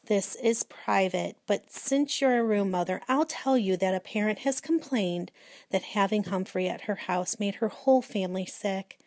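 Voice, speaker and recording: A woman reading aloud and voicing a gentle, patient schoolteacher in a children's storybook. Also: mid-range voice, moderate pace, no echo, studio quality, close to an everyday voice. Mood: calm.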